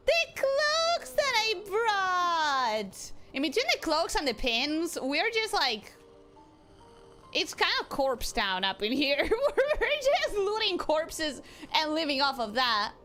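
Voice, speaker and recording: A young woman streaming a game in a casual, expressive way, often bursting into exasperated outcries. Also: high voice.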